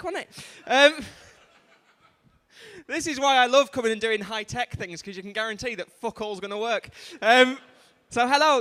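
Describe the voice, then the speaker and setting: A man's voice: very high voice, pushed and bright, smooth. A man compering a live award ceremony on a stage microphone, doing crowd work with sweary, self-deprecating banter. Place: large hall at a live event. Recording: live stream from a reverberant hall.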